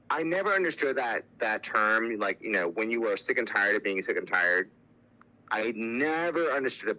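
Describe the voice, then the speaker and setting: A man's voice: mid-range voice, sharp tone, muffled recording. A man speaking as a podcast guest, telling a personal story in casual, candid talk, with lots of "like" and "you know".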